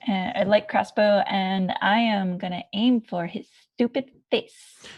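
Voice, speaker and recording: A woman playing a tabletop game, excitable and quick to cheer her own rolls. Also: mid-range voice, dull audio. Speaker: player.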